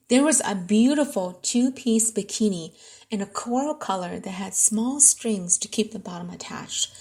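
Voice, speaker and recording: A woman reading a first-person romance story aloud, expressive, sometimes dropping to a breathy near-whisper at tender moments. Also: mid-range voice. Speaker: audiobook narrator.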